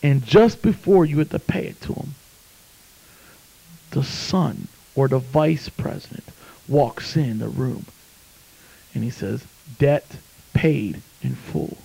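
A man preaching a sermon, swinging between hushed storytelling and loud, fervent exclamations. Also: mid-range voice, slow, vocal fry, long pauses, husky, poor audio. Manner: impassioned, swings from hushed to shouting.

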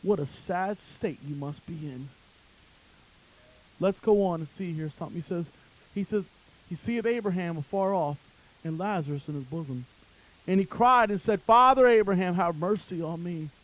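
Fiery preacher man, shouting and dropping low. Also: normal speed, rough recording. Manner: swings from shouting to low intense tones. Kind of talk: fire-and-brimstone sermon.

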